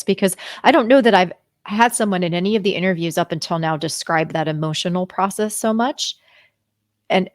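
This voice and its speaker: Gravelly-voiced woman host, dry sound. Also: fairly low pitch, dry recording. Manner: warm affirming listener, encouraging. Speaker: podcast host. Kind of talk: interview.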